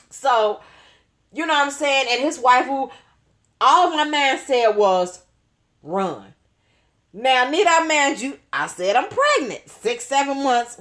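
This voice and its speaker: A woman telling a story in a casual, animated way, using slang and swearing freely. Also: high-pitched. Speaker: nail artist, channel host.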